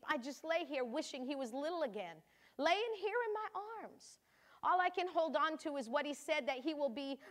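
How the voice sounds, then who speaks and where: An older woman reading as a grieving, devoted mother. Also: high voice. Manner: emotional, earnest diary reading. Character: grieving then joyful mother of a holy son.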